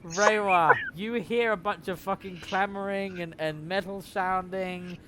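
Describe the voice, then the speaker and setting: A man's voice: high-pitched, fairly even intonation, a little slow, very noisy. A man narrating as game master in a tabletop game, casual and swearing freely.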